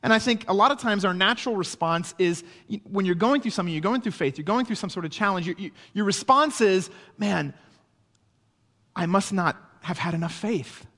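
A man's voice: sits high, fast talker, hardly any pauses, pushed and bright, big-room sound. A man preaching a sermon in a conversational way, often checking in with his listeners. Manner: conversational preaching with frequent "right?" asides. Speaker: pastor.

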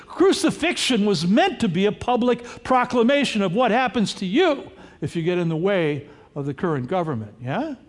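A man preaching a sermon, reading scripture aloud and explaining it verse by verse with emphatic, at times loud, delivery. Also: very high voice. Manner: explanatory, emphatic, rises to loud cries on quoted words. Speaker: pastor. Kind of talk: sermon with running scripture commentary.

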